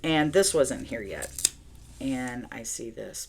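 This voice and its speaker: A woman's voice: a bass voice, slow pace, gravelly, background noise. A middle-aged woman chatting casually as she tells a story while decorating her planner at home. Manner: chatty, animated storyteller who talks to herself while decorating. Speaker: planner vlogger.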